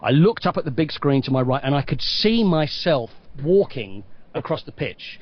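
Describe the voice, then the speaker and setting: A middle-aged English man with a fairly high voice who tells stories with plenty of energy, acting out the voices of the people he quotes. The recording sounds dull and lo-fi, like podcast audio with the top end cut off. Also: moderate pace. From England. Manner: lively storyteller, acts out quoted voices. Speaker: stadium announcer guest. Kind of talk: animated anecdote telling.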